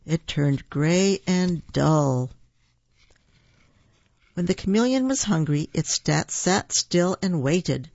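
Gravelly voice reading storybooks aloud. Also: mid-range voice, dry recording. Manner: gentle, expressive read-aloud. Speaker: storybook reader. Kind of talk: reading children's books aloud. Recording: dull, dry lo-fi recording.

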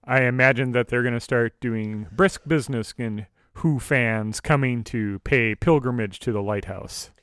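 A man's voice: mid-range voice, measured pace, hardly any pauses, a bit bright, clean tone, no echo. A man co-hosting a podcast, chipping in with short dry quips and curious questions. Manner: brief interjections, dry quips, asks questions. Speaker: podcast co-host. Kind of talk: casual chat.

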